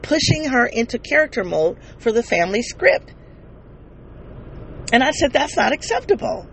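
Creaky-voiced podcaster telling a painful story. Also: medium pitch, expressive, fairly bright tone, slight background noise, poor audio. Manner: halting, with frequent restarts and self-corrections; earnest, addresses listeners directly. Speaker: podcast host. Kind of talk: emotional personal storytelling.

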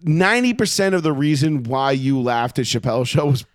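A man in casual podcast chat, loose and profane and quick to joke. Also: mid-range voice, animated, no echo, studio quality.

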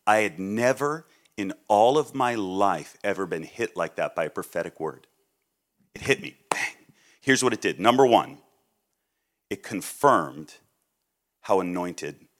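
A middle-aged man from Massachusetts, a guest preacher telling stories in a sermon, swinging between loud outbursts and quiet asides. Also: deep voice. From Massachusetts, USA. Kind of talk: sermon with storytelling.

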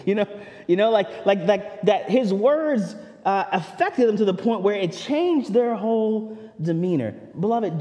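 A male pastor preaching a sermon in a conversational way, swinging from loud declarations down to a near hush. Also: high voice, in a large hall. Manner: animated preaching, swells loud then drops to near hush; conversational asides, repeats words as he goes. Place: church sanctuary.

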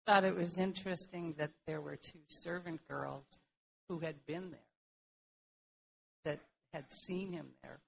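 A woman's voice: lowish voice, fairly even intonation, measured pace, gravelly, pauses often, a little hiss or hum, poor audio. A woman in a church group sharing a reflective observation about the reading. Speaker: congregation member.

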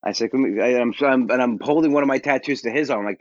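A man who is a stand-up comedian, telling candid, self-deprecating stories as a podcast guest, blunt and quick to get defensive. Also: mid-range voice, no echo, dull audio.

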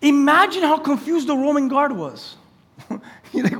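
A man preaching a lively, conversational sermon as pastor, acting out quoted lines and laughing along the way. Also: very high-pitched, unhurried, pauses often. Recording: church hall with long reverb.

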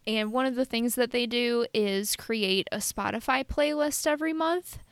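Young woman podcasting, dry close sound, higher voice, rambles a bit. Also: moderate pace, clean tone, no room sound. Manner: rambling storyteller, self-deprecating. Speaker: podcast co-host. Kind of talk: casual chat.

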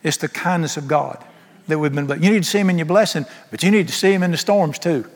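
Fast and emphatic, a middle-aged preacher delivers a homespun sermon full of humorous asides. The voice sits a bit high for a man and rings out with long reverb, like in a big church hall.

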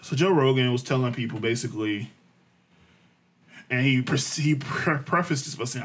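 Man, casual podcast chat, animated storytelling, swears a lot, laughs often, mid pitch. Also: normal speed, long pauses, breathy edge. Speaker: podcast co-host.

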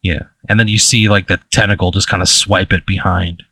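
A low-pitched man narrating as game master in a casual, meandering way. He stumbles through fillers and restarts. The sound is dry and close, with no room around it. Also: little pitch movement, bright, forceful tone, breathy edge, no echo. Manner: casual, halting, lots of fillers.

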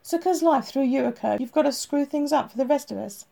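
Woman reading as a gruff, blunt police chief. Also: a little high, a little fast, mellow. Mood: firm. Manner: firm, blunt and commanding. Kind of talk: audiobook reading.

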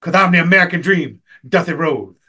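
A man putting on a loud, boastful wrestling promo voice, raspy and shouted. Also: on the high side, brisk, voice pushed up, heavily acted. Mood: boastful, shouting.

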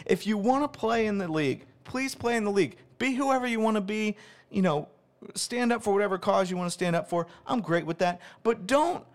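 A man co-hosting a podcast who talks in an animated, exasperated way, ranting his opinions in casual chat. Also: high voice, brisk. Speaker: podcast co-host.

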